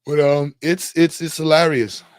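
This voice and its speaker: A man's voice: a little high, steady tone, a little slow, smooth, no echo, studio quality. A man hosting a casual livestream, chatting with viewers in a rambling, slangy, joking way. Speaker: livestream host. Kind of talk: casual live chat with viewers.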